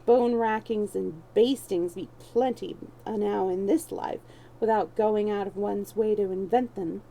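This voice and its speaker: A woman's voice: mid-range voice, unhurried, vocal fry, dark tone, poor audio. A woman voicing a crafty young male street thief who mocks and schemes in archaic speech. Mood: scheming.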